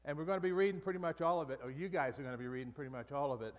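Man, Bible study leader, slightly high voice, casual teaching, repeats himself, long hall reverb. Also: very fast. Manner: conversational, with frequent restarts and repeated phrases. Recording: long reverb from a large room.

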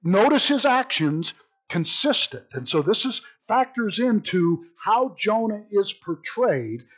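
Animated man teaching Bible study, dull recording. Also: high voice, slow pace. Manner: animated, jokey, repeats words while thinking.

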